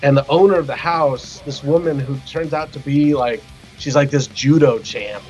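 A man guesting on a podcast, spinning a rowdy anecdote with plenty of swearing and acted-out voices. His voice sits at an ordinary pitch. The audio is dull and lo-fi, with faint music underneath. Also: normal speed. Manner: animated, profane, acts out quotes with shouts. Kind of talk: casual storytelling.

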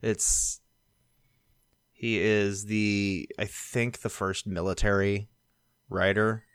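Low-voiced man co-hosting a podcast. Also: little pitch movement, slow, fairly bright tone, smooth, dry recording, studio quality. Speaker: podcast co-host. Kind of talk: casual podcast chat.

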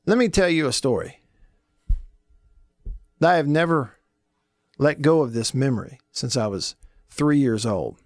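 A man hosting a radio show, telling stories in a folksy, animated way and laughing often. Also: medium pitch, a little slow, long pauses, no echo, clean studio sound. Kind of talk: casual radio talk and storytelling.

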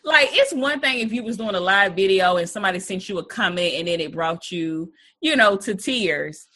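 A young adult woman co-hosting a podcast in casual chat, ranting in an animated way with playful mock quotes. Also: medium pitch, moderate pace. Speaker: podcast co-host.

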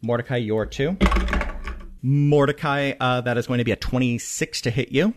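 A man's voice: medium pitch, moderate pace, noisy background. A man running a tabletop game as game master, calling out rolls and damage. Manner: lively, animated, calls out rolls and damage.

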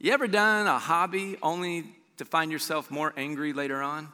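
Male pastor, sermon delivery, animated with big upward pitch jumps, acts out dialogue; bright tone, long hall reverb. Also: normal speed, smooth. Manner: animated preacher, voice jumps high for emphasis.

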